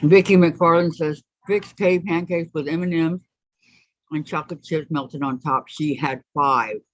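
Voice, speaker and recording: A woman's voice: low voice, steady tone, unhurried, no room sound. A woman hosting a casual craft livestream, reading viewers' chat comments aloud and answering them. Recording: dull lo-fi stream audio.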